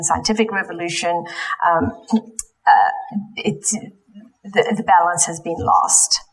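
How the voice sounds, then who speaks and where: A woman's voice: medium pitch, a bit bright, rough recording. A woman giving a lecture in a church, speaking with frequent ums and self-corrections. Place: church hall.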